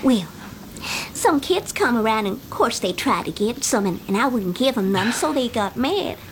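A woman's voice: on the high side, animated, normal speed, slight background noise, close to an everyday voice. A woman playing a scrappy defiant little girl. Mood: tattling. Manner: breathless tattling, rural dialect. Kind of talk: stage drama acting.

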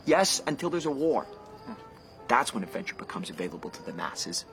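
A man's voice: mid-range voice, sing-song, a little fast, a bit bright, faint music behind. A restless, brooding young man. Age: young adult. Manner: sardonic, brooding, drops to a whisper. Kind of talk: stage drama acting.

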